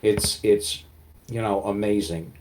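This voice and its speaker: A man's voice: on the low side, fairly even intonation, slow pace, darkish tone, slight background noise. A man narrating as game master, in vivid, casual storytelling with many fillers.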